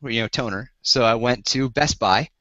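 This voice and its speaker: A man hosting a podcast, telling a story and acting out both sides in an animated, incredulous way. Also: medium pitch, moderate pace, no echo. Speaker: podcast host. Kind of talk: casual storytelling chat. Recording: dull lo-fi podcast audio, dry.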